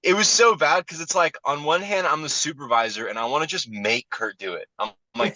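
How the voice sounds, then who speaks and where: Fast, bright-voiced profane storyteller man. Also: fairly high pitch, dry recording, poor audio. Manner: profane, animated storyteller acting out quotes. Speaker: comedian and podcast guest. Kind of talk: casual storytelling chat.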